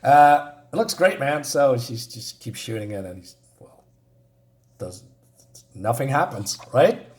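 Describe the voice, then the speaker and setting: A man's voice: medium pitch, expressive, unhurried, darkish tone. A man casually walking through a comic book in a review, hesitant with many fillers, and openly enthusiastic about the art and the pacing.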